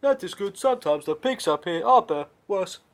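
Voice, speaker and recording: A man's voice: high voice, lively intonation, moderate pace. A man hosting a podcast, chatting casually with teasing, sweary banter. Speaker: podcast host.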